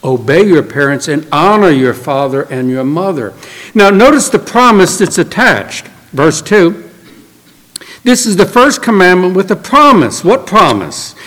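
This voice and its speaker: Earnest preacher in a reverberant hall. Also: male voice, high voice, big pitch swings, unhurried. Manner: earnest storytelling, dropping to soft and quiet for emphasis. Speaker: pastor. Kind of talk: sermon.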